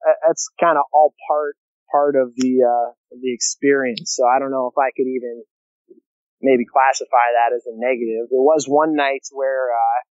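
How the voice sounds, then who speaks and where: A man's voice: mid-range voice, fairly even intonation, normal speed, no echo. A man talking in a casual interview, easygoing, with many fillers and restarts. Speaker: guest, long-distance canoeist. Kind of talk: casual interview over a remote line. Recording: dull lo-fi call audio, dry.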